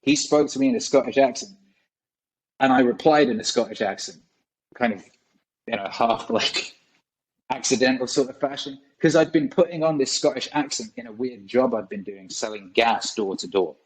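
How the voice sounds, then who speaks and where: A man's voice: medium pitch, moderate pace, slight background noise, poor audio. A man in his forties, a guest on a podcast, telling rambling stories in a casual way and swearing often. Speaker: guest musician. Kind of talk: casual storytelling.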